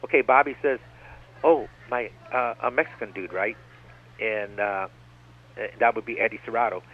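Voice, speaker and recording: A man's voice: mid-range voice, moderate pace. A man speaking as a radio guest, rambling and digressive, often circling back with "like I said.". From United States. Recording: tinny phone-line radio broadcast.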